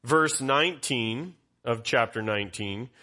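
A man's voice: mid-range voice, unhurried, bright, forceful tone. A male pastor giving an expository Bible teaching in a conversational way, putting questions to his congregation.

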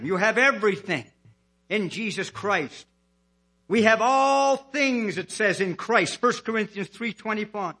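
A man preaching with a high, bright, husky voice. He hollers with passion, then slows right down to lean on the words that matter. The delivery is fervent and pleading throughout. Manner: hollering and impassioned, slowing to stress key words. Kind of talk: fervent sermon.

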